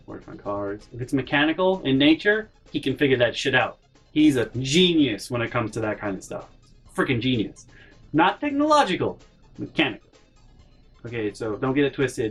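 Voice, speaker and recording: Guy ranting a storytime vlog, sarcastic and exasperated, soft music underneath. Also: mid-range voice, slightly rough. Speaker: YouTuber. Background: faint background music.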